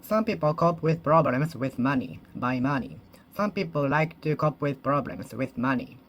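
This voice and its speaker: A native Japanese speaker practicing English alone, slowly repeating and rephrasing each sentence and correcting themselves as they go. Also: medium pitch, animated. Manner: slow, careful, deliberate. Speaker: English learner. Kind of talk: solo speaking practice monologue.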